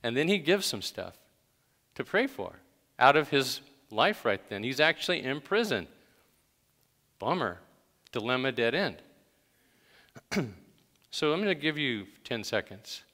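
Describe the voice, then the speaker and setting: A man's voice: mid-range voice, very animated, measured pace, pauses often, sharp tone. A man preaching a conversational sermon to a church congregation, stressing each command with emphasis. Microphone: handheld microphone. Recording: long hall reverb.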